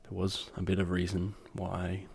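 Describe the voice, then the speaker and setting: A young man hosting a casual ASMR video, rambling and jokey, moving into soft whispers. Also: sits low, completely flat delivery, moderate pace, vocal fry, a little hiss or hum. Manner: rambling, self-interrupting, jokey. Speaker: ASMR channel host.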